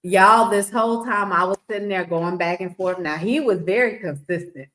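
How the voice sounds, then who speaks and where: A woman's voice: mid-range voice, moderate pace, fairly bright tone, low-quality recording. A woman casually recounting a story on a podcast, blunt and sassy, acting out both sides of a conversation.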